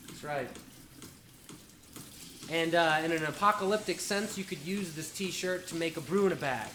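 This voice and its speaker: A man's voice: on the high side, normal speed, fairly bright tone, slight background noise. A man hosting a casual livestream, explaining his homebrew setup with a playful, joking manner. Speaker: livestream brewing host. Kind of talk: casual chat. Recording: echoey room, faint music behind.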